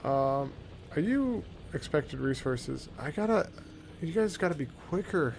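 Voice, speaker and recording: Gaming host, male, unhurried and chatty, thinks aloud as he plays, faint hum behind. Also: on the high side, expressive, vocal fry. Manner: easygoing, muttering to himself with fillers. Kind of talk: casual gameplay commentary.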